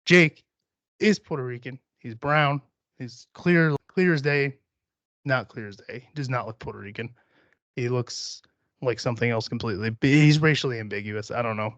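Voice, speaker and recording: A young man hosts his own podcast alone, rambling from one joke to the next with casual profanity. His voice sits at a middle pitch. The recording is dry and a little dull. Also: normal speed, a bit bright, no room sound. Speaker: podcast host. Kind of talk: solo rambling podcast chat.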